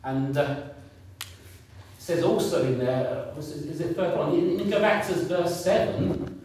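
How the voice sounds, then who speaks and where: A man's voice: on the high side, unhurried, darkish tone, slight background noise. A man in his fifties preaching a sermon in a conversational way, repeating points and asking the congregation questions. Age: 50s. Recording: echoey room, picked up from a distance.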